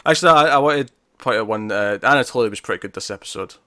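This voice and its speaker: A man's voice: lowish voice, rapid-fire, sharp tone, dry recording, clean studio sound. A man co-hosting a podcast in casual chat, rambling with lots of "like" and laughs. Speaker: podcast co-host.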